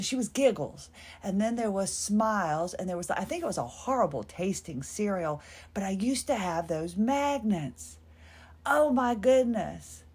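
Woman podcast host, lowish voice, rambling nostalgic solo chat, self-mocking. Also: a little mellow.

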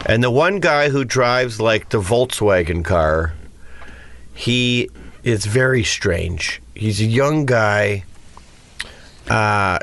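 A man's voice: mid-range voice, a bit bright, dry recording. A man on a podcast, telling long rambling anecdotes in casual banter.

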